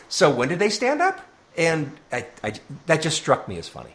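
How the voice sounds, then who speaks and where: A man's voice: on the high side, wildly swooping pitch, moderate pace, a bit bright. A man co-hosting a podcast, chatting casually and laughing often. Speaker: podcast co-host. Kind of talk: casual chat about comics.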